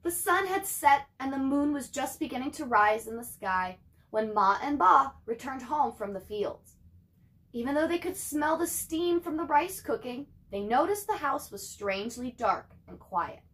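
A young woman, a teacher, reading a chapter book aloud to her class with animated, chatty asides to her students. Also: high voice, moderate pace.

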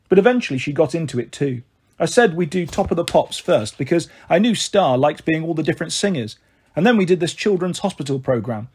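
Husky guy reading a kids book, slightly high voice, steady pace. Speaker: storyteller. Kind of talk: reading a children's novel aloud.

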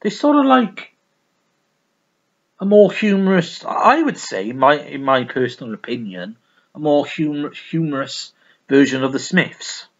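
A man's voice: fairly high pitch, big pitch swings, a little slow, dull audio. A man reviewing records in a casual, rambling, sweary way, full of restarts. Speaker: music vlogger.

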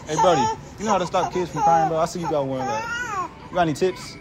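A man's voice: a little high, fast talker. A young man hosting a street prank, talking brash and slangy and saying bro a lot, outdoors on a city street. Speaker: prank video host. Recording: loud street noise outdoors.

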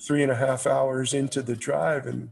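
An older man from New York with a New York accent, a guest telling lively stories in an interview. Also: medium pitch, normal speed, creaky. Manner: animated anecdotes with quoted voices. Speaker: guest, lighting designer. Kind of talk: storytelling interview.

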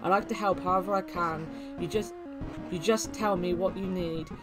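A woman voicing a humble, kindly male farmer, a grieving widower who speaks with gentle, old-fashioned politeness. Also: fairly low pitch, fairly even intonation, moderate pace, natural voice. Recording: game music playing behind.

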